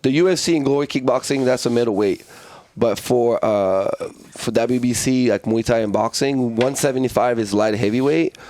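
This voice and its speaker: A man from France tells fight stories on a podcast, loose and swearing freely. His voice sits at an ordinary pitch, and the sound is dry and close, with no room echo. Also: moderate pace, hardly any pauses. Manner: profane, animated storytelling. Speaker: guest, fighter. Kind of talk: casual storytelling.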